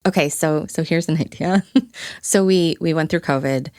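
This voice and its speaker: Woman podcast host and coach, very deep voice, thoughtful, dry close sound. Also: normal speed, a little mellow, dry recording. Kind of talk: casual conversation.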